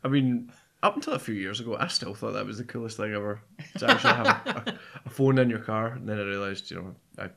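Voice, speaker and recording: A man co-hosting a film podcast, chatting casually and excitedly, laughing often as he rambles. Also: fairly low pitch, fast, vocal fry.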